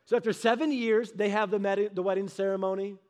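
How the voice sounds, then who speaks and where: A man preaching a sermon, telling the story in a humorous, conversational way and acting out the characters in quick voices. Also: high-pitched, steady tone. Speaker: pastor.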